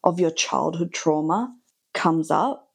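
A woman's voice: deep voice, expressive, takes it slowly, gravelly, husky. A woman, a podcast guest talking earnestly and reflectively about parenting. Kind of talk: candid casual chat.

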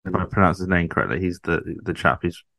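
Deep-voiced man recapping a sitcom. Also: fast, gravelly, a bit bright, no echo. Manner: chatty, thinking aloud with questions to his co-host. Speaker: podcast co-host. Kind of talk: casual chat recapping a sitcom episode.

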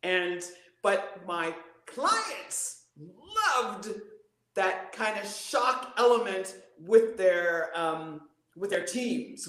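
A woman voice coach talking expressively as an interview guest, demonstrating with her voice. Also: roomy sound. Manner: expressive, demonstrative, big pitch swings. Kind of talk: animated interview talk.

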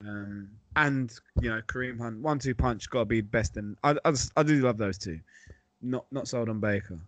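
A man co-hosting a podcast, talking sport in an animated, chatty way with jokey asides. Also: medium pitch, normal speed, dry recording. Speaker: podcast co-host. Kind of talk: casual sports chat.

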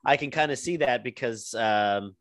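A man's voice: mid-range voice, normal speed, no echo. Rambling man in dry casual chat. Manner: rambling, full of ums and restarts. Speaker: podcast co-host.

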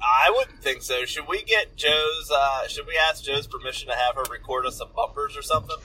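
A man's voice: on the high side, huge pitch swings, a little fast, bright, forceful tone, slight background noise, low-quality recording. A man co-hosting a podcast, easygoing and agreeable, leading the conversation to new topics. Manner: agreeable, easygoing, laughs often. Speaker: podcast co-host. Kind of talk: casual chat.

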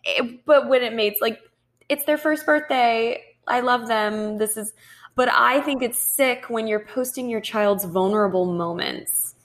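A woman's voice: a little high, unhurried, fairly bright tone. Young woman cohost, opinionated, stumbles and repeats words, chatty. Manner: opinionated, repeats words as she starts a thought. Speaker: podcast co-host. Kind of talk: casual chat.

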